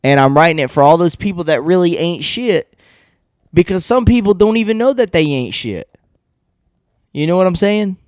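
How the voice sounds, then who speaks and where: A man with a fairly high, smooth voice rants alone into a close microphone on his podcast. He is blunt and rambling, swears constantly and laughs at his own jokes. The sound is dry and close, with no room around it. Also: animated, moderate pace, no room sound. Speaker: podcast host. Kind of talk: profane solo podcast rant.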